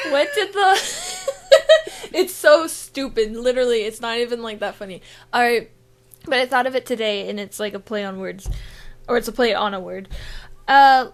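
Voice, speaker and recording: A woman co-hosting a casual gaming podcast remotely, giggly and playful. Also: a little high. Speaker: podcast co-host. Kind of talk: casual chat. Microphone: remote call, own mic.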